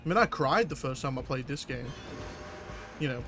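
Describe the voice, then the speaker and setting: A man's voice: mid-range voice, lively intonation, normal speed, over music. A man in his twenties with a northern English accent from near Manchester, rambling casually to viewers while streaming a game. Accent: northern English, Mancunian with some Scouse. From England, near Manchester. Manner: rambling and chatty, many fillers and restarts. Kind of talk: casual gameplay chat with viewers.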